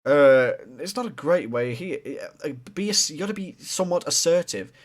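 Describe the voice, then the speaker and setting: A man's voice: fairly high pitch, animated, brisk. A man hosting a reaction video, talking bluntly and swearing often as he critiques what he watches. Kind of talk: casual reaction commentary.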